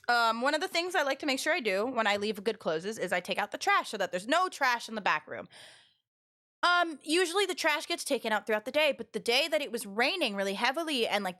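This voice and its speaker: A young adult woman streamer telling stories to her chat in an animated way, laughing and restarting her sentences. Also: high voice, fairly quick. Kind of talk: casual storytelling to chat.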